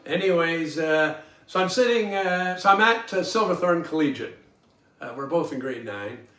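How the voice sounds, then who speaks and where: A man's voice: a little high, expressive, moderate pace. A man, hosting a podcast and telling folksy, rambling stories with chuckles and fillers. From Toronto, Canada. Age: 70s. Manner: folksy, chuckling, lots of ums and uhs. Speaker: podcast host. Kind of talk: rambling personal storytelling. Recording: roomy sound from a distant mic, faint guitar music.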